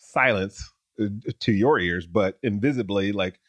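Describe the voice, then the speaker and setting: A male podcast host with a low voice, talking casually. He jokes and rambles, full of fillers. The recording is dry and close. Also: no room sound. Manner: quick, joking, rambling with fillers. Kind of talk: casual conversation.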